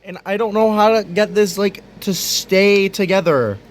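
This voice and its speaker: A young adult vlogger rants on video in a profane, exasperated way, swearing and frequently bursting into laughter. His voice sits high and moves at a measured pace, with slight background noise.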